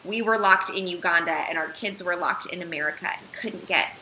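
Bright-voiced woman telling a personal story. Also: lowish voice, a little fast, a little hiss or hum, poor audio. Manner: earnest, animated retelling with filler words. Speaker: podcast guest.

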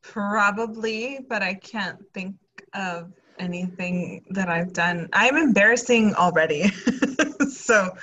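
A woman's voice: medium pitch, slow pace, fairly bright tone, poor audio. A woman co-hosting a podcast, chatting casually in a hesitant, self-deprecating way. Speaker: podcast co-host. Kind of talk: casual chat.

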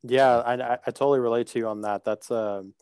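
Young man, casual chat, low pitch, smooth clear voice, dry sound, relaxed. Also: a little fast, no echo. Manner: relaxed, agreeing, hesitant.

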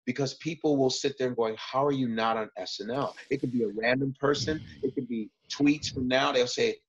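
A man, a comedian guest, telling stories in casual talk, profane and animated, jumping up in pitch when acting out moments. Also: brisk, muffled recording, a little hiss or hum. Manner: profane, animated retelling with bursts of high pitch. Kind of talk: casual storytelling.

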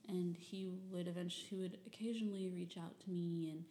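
A woman's voice: lowish voice, fairly even intonation, brisk, warm tone, reverberant, slight background noise. Candid young woman telling personal stories. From Michigan. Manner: rambling, candid, with frequent fillers and cursing. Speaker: vlogger reading old diary entries. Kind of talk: personal storytelling.

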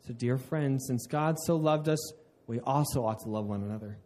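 A man's voice: mid-range voice, moderate pace, darkish tone. A man preaching a sermon in an earnest way, often restarting mid-phrase and laughing at himself. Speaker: pastor.

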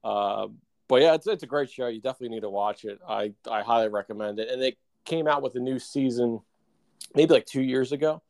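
A man chatting casually as a podcast co-host, his pitch sitting in an ordinary middle range. He rambles, stopping and restarting his sentences and filling the gaps with "like" and "uh.". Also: a little fast, vocal fry, a little mellow, no room sound. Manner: rambling, many fillers and restarts. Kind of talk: casual chat.

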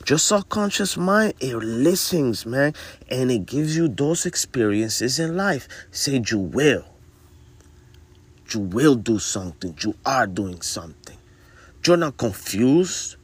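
A man's voice: mid-range voice, breathy edge, no room sound. A man co-hosting a casual podcast, rambling loosely, ending his phrases with "man" and drifting into motivational advice. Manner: preachy motivational talk. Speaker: podcast co-host.

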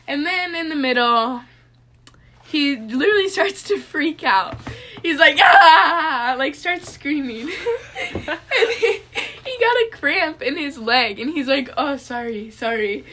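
Giggly bright-voiced young woman telling stories. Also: sits high, sing-song, measured pace, a little hiss or hum. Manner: giggly, crude, storytelling with lots of "like". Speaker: podcast co-host. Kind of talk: casual chat.

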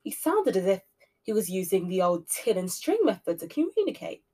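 A woman hosting a podcast, narrating a spooky story with expressive shifts between loud and soft delivery. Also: medium pitch, normal speed, husky. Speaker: podcast host reading a story.

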